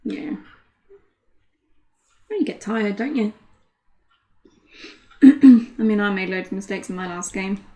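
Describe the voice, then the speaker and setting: A woman's voice: medium pitch, slow pace, long pauses, dark tone. A woman, co-commentating a card game in casual chat and laughing often at herself. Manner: laughs often, self-deprecating.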